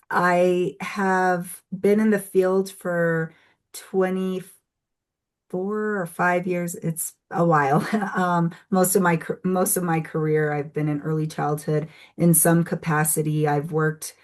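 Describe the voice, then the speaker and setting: A woman speaking as a guest on a podcast, an assistant professor, talking in an unhurried, thoughtful way with many fillers. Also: fairly low pitch. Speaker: assistant professor, incoming association president.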